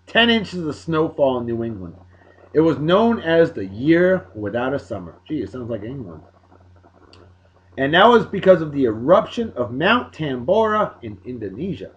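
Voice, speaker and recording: A man's voice: fairly high pitch, a bit bright, muffled recording. A man hosting a daily show, running through historical dates in casual commentary, joking with playful emphasis. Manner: jokey, wisecracking asides with playful emphasis. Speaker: host of a daily beer and song show.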